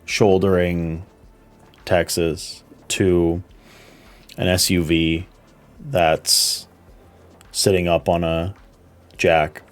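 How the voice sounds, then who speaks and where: A man narrating as game master in a slow, measured, descriptive way. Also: sits low, little pitch movement.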